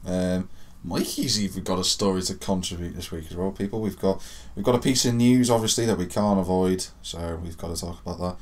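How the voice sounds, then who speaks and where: A man's voice: deep voice, a little fast, few pauses, darkish tone. A young man hosting a casual podcast, jokey and rambling with many fillers. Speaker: podcast host.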